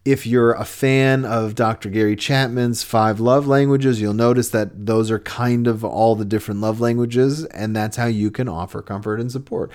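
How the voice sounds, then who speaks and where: Steady and slightly mellow, his mid-range voice moves at an ordinary speed with barely a pause. He's a podcast host dispensing relationship advice in a sincere, conversational manner, frequently starting over mid-thought.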